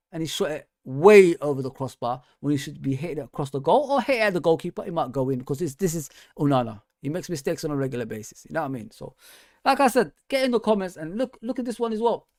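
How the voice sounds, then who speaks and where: A man's voice: a little mellow, no room sound. Guy hosting a fan show, worked up and ranting, says bro a lot, dry close mic. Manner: frustrated, exasperated ranting with rising pitch; casual slang, calls listeners bro and man. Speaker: host. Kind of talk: fan show commentary reading viewer comments.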